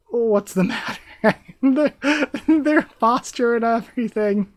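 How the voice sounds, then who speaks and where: A manga reaction streamer reading chapters aloud and reacting live in an excitable, chatty way with frequent laughs. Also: mid-range voice, slow, dry recording.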